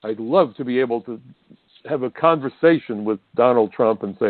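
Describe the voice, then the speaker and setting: A man's voice: medium pitch, normal speed, dry recording. An older man from the United States, hosting a talk radio show and delivering an emphatic, indignant monologue straight to the listeners. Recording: dry, phone-like narrow band.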